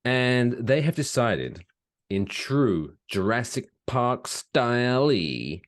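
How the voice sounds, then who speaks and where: A man, co-hosting a casual podcast, telling stories with lively, swooping emphasis. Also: takes it slowly. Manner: animated storytelling, swooping pitch, laughs while talking. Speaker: podcast co-host.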